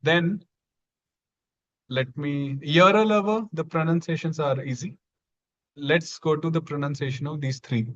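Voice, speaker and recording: A man's voice: a little high, measured pace, long pauses, a bit bright. A man teaching Sanskrit pronunciation in an online class, patient and repeating each sound for students to copy. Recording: dull lo-fi sound.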